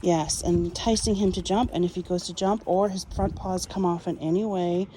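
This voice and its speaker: A woman dog trainer explaining a training session outdoors, switching between calm explanation and high, cheerful commands to the dogs. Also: moderate pace, slight background noise, poor audio. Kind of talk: casual training demonstration.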